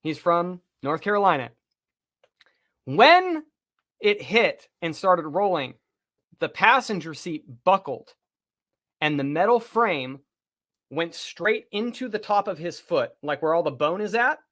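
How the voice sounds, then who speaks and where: A man, a podcast co-host, telling a long personal story in casual talk, animated and swearing freely. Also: high voice, a little slow, pauses often.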